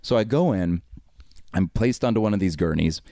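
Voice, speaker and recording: A man in his twenties with a fairly low voice tells a story at length in a relaxed podcast chat. He is animated and acts out the other people's lines as he goes. The sound is close and dry, with no room echo. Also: normal speed. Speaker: podcast host.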